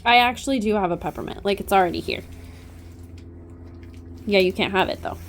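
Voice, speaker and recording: A woman horse trainer filming on a handheld phone outdoors by a trailer, talking softly and coaxing her horse with praise. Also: mid-range voice, fairly quick, a little hiss or hum. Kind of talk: casual training vlog. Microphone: handheld phone camera.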